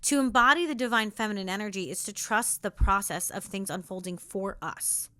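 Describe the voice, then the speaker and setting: A young woman hosting a spiritual self-help podcast, talking in an earnest, intimate way that moves between soft reflection and sassy encouragement. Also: mid-range voice, fairly quick, no room sound, studio quality. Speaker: podcast host.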